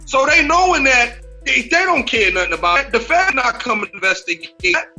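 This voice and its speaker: Bright high-voiced man debating emphatically. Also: sing-song, a little fast, soft background music. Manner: emphatic, repetitive restarts. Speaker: podcast co-host. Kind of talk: casual debate on a podcast.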